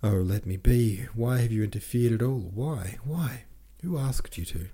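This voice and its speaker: A man's voice: on the low side, moderate pace, creaky, dark tone, husky. A man voicing a distraught, bitter young woman in an audiobook reading. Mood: despairing.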